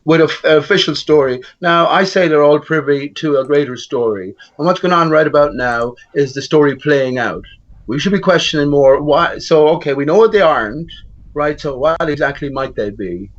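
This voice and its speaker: A man arguing in a measured, rhetorical way, posing questions. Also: a little high. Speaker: guest debater. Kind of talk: rhetorical argument. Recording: dull lo-fi audio.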